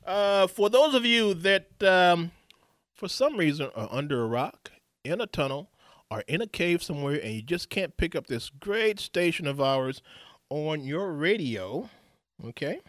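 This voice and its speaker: A man's voice: a little high, lively intonation, measured pace, a bit bright, dry recording, studio quality. A man hosting a live radio talk show, rambling with showman flair, restarts and chuckles. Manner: loose, rambling, laughs and restarts often.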